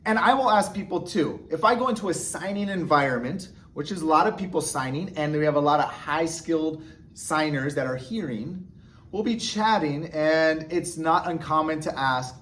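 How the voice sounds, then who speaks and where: An American man teaches sign language step by step, patiently checking in with quick "okay?" questions. His voice is a little high and a bit bright, animated, at a normal speed.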